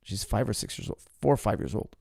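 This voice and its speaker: This martial arts coach's low, creaky voice carries a breathy edge and a slight mellowness as he speaks quickly and very animatedly. On his ask-me-anything livestream, he passionately makes his case and peppers viewers with rhetorical questions, recorded cleanly with no echo.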